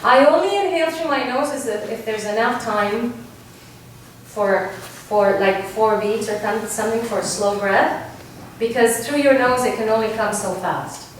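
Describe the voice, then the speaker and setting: A woman vocal coach from Argentina leads a singing workshop, teaching in a lively way and often checking in with "right?". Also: on the high side, measured pace, a little hiss or hum. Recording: distant mic in a very echoey room.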